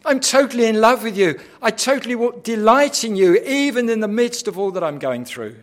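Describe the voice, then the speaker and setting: A man's voice: high-pitched, expressive, a little fast, voice pushed up. A preacher voicing a fervent man pleading to his father. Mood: devoted.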